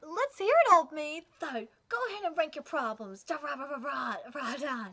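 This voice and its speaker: A woman voicing a loud, brash, huge male pirate boss who bellows in a showy way. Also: sits high, expressive, moderate pace. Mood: bellowing.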